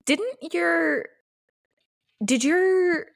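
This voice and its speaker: A woman's voice: very high-pitched, extremely slow, vocal fry, dry recording, studio quality. A young woman co-hosting a casual podcast, chatting with laughs and trailing asides. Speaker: podcast co-host. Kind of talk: casual chat.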